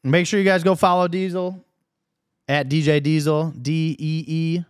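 A man hosting a podcast in casual chat, relaxed and reacting freely to his guest. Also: on the high side, unhurried, smooth. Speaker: podcast host.

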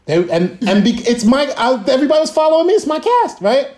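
A man telling a profane, animated story as a guest on a video call, acting out voices and drum sounds. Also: very high voice, fast talker, reverberant.

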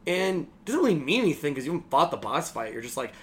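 Young man, podcast co-host, sarcastic, animated, swears, slightly high voice, very lively pitch. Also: fast talker. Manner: animated, sarcastic, swears freely, acts out game lines. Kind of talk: casual game critique chat.

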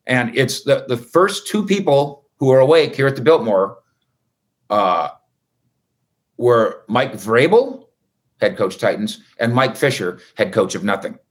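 A man hosting a casual sports recap, chatty and wisecracking with rambling asides. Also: mid-range voice. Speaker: sports reporter host.

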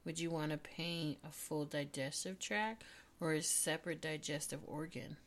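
A young woman co-hosting a silly, casual chat on a chest mic, giggling and breaking into high squealing shouts. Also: fairly even intonation, moderate pace. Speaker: podcast co-host. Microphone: clip-on chest mic.

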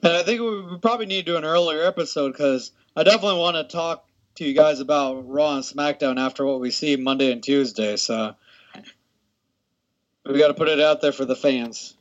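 Teasing man, higher voice, muffled audio. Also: brisk. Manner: teasing, laughs at own jokes. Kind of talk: casual chat.

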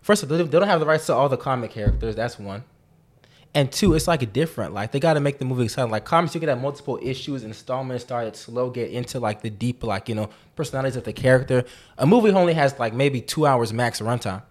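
Fast-talking young man, opinionated. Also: medium pitch. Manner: animated, opinionated, heavy slang. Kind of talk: casual chat.

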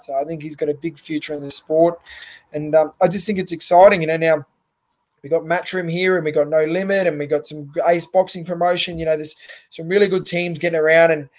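A young Australian man, a boxer guest on a podcast, talking earnestly and rambling with lots of "you know"s. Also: a little high. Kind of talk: casual podcast interview.

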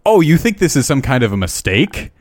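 A man's voice: mid-range voice, big pitch swings, a little fast, no echo, clean studio sound, pitched above the performer's own voice. A man reading aloud as a profane male lance corporal barking orders at fresh recruits. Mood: furious.

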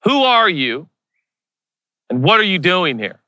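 A man voicing a male Roman guard who yells down a challenge. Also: sits high, very animated, slow pace, no echo, studio quality, pitched above the performer's own voice, heavily acted. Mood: demanding. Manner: shouted challenge.

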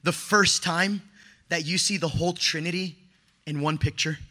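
High, very bright animated preacher man. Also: moderate pace. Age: 30s. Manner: animated storytelling with slang, rising to shouts. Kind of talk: sermon.

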